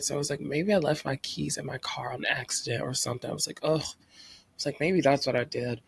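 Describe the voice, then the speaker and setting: A man's voice: medium pitch, fairly even intonation, brisk, vocal fry, husky. A young man from North Carolina telling a personal story as a vlogger, animatedly acting out his own past thoughts.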